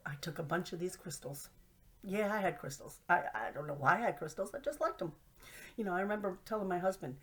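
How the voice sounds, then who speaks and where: A middle-aged woman telling humorous stories in a playful, self-mocking way, often dropping to a whisper for asides. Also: low-pitched. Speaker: host. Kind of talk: humorous storytelling monologue.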